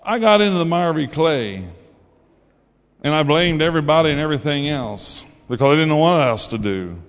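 A man's voice: fairly high pitch, expressive, moderate pace. A man giving a sermon testimony, telling his story in a folksy way and acting out the voices in it. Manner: folksy storytelling, acts out quotes. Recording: long hall reverb.

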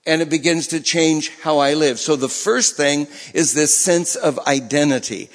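A man's voice: on the high side, moderate pace, long reverb tail. A man preaching a sermon in a conversational way, often repeating and restarting his phrases. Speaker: pastor.

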